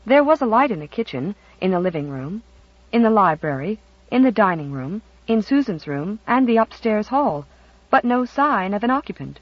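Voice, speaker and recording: Narrator for a storybook: expressive scripted reading, mid pitch, dry muffled audio. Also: normal speed, no room sound.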